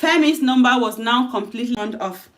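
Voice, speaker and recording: A woman's voice: on the high side, fairly quick. A woman reading her own short story aloud in a loose, conversational way, correcting herself as she goes and voicing the characters' lines. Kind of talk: informal story narration with voiced dialogue.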